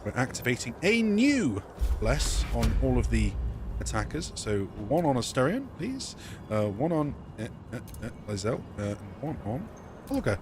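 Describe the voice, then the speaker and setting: A man talks through his game in a casual, rambling way, often stopping to correct himself. His mid-range voice swings widely in pitch. A faint hum of noise sits behind him. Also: wildly swooping pitch, moderate pace. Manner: thinks aloud, self-correcting, rambling. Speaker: let's play streamer. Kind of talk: casual gameplay commentary.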